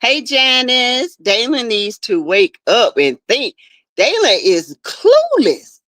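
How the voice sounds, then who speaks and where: A chatty woman hosts a live stream, greeting viewers one by one and swapping gossip. Her voice sits fairly high and swings up and down with a lot of life. She takes her time, in a dry, close room. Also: sing-song, takes it slowly, a bit bright, dry recording. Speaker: livestream host. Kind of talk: casual live chat with viewers. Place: home backyard shed.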